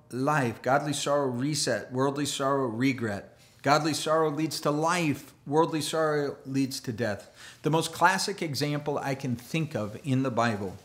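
Animated male pastor, sermon delivery, plays out quoted lines. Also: medium pitch. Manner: animated, acts out quoted voices, laughs often. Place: church.

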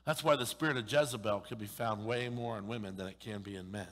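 A middle-aged man preaching a sermon in a church, joking and animated, with playful acted asides. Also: on the low side, quick pace. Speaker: pastor. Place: church sanctuary. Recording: long reverb of a large hall.

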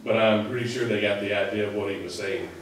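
Brief: man, low-ish voice, rambling sermon preacher, heard from a distance in a very echoey church. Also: steady tone, quick pace, a little hiss or hum. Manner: conversational, rambling with many fillers. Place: church sanctuary. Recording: echoey hall, mic at a distance.

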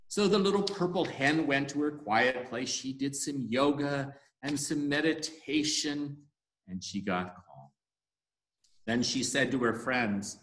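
A man's voice: medium pitch, unhurried. Man telling a story in an echoey room. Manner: animated storytelling. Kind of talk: story for all ages.

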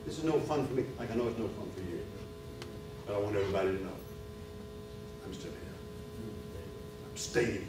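A middle-aged man giving a sermon at a men's retreat, telling a personal story and building to loud preaching. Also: fairly low pitch, expressive, fairly quick, pauses often, noisy background. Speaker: retreat speaker. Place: church retreat hall. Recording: echoey hall, far from mic, music behind.

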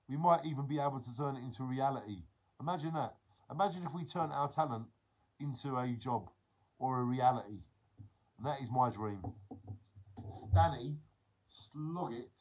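A man talks to his viewers in a slightly husky voice. His pitch sits right in the middle, and he reads out their comments in a casual livestream chat. He sounds earnest and emphatic, giving them lots of encouragement. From England. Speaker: vlogger reading out viewer comments.

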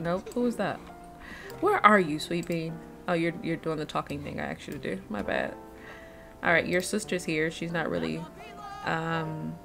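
A woman's voice: lowish voice, vocal fry. A woman giving casual gameplay commentary, thinking aloud and chatting to the characters on screen. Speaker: let's-play host.

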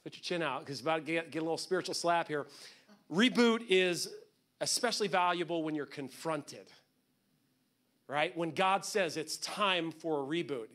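A man's voice: a little high, moderate pace, a bit bright. A man preaching a sermon as pastor, in a conversational, joking manner that often acts out what people say.

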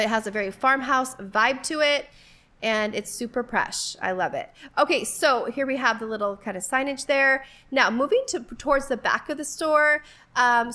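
A woman's voice: on the high side, bright, forceful tone. A woman in her forties chatting casually as she walks through a store filming a vlog, rambling and giggling often. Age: 40s. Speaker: vlogger. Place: inside a retail store.

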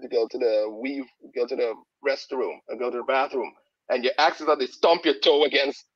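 A man chats casually in halting stretches, stopping and restarting with plenty of fillers. The recording is dull and lo-fi, and he sits at an ordinary middle pitch. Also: fairly even intonation, husky. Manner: halting, many restarts and fillers, laughs at own jokes. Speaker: guest. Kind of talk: casual chat. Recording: dull lo-fi sound.

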